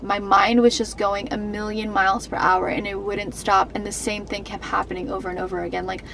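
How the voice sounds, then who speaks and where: Young woman, vlogger, candid storytime, rambling, emotional, medium pitch. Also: little pitch movement, brisk, creaky, few pauses, a bit bright, a little hiss or hum, low-quality recording. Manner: emotional, rambling, many fillers and restarts.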